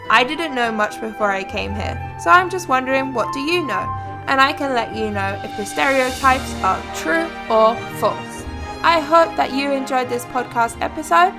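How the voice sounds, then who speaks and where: A woman hosting a solo podcast, talking in a chatty, friendly way with light laughs. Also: sits high. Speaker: podcast host.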